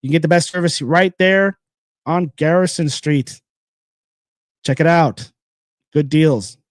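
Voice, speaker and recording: A man hosting a casual solo podcast, talking bluntly and rambling with repeated phrases between sponsor shout-outs. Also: fairly high pitch, unhurried, no echo, studio quality. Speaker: podcast host.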